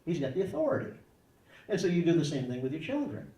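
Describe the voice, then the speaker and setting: A man's voice: on the high side, very animated, fast talker, warm tone, roomy sound, distant mic, poor audio. A man answering parenting questions in a conversational way, acting out little dialogues in changing voices. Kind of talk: conversational advice talk.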